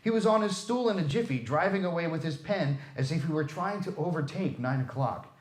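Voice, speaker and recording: Guy reading a story out loud, super expressive, lively voice, echoey room. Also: on the high side, a little fast. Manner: expressive, theatrical. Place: library room.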